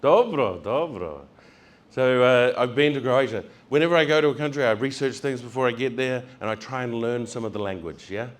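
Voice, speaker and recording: A man's voice: mid-range voice, fairly even intonation, fast talker, few pauses. A heavyset man doing stand-up comedy, telling travel stories, acting out voices and laughing along.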